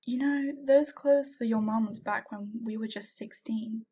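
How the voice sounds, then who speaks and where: A woman voicing a kind, motherly aunt in a storybook reading, speaking in a gentle, reassuring way. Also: fairly high pitch, a little slow, husky, lo-fi sound.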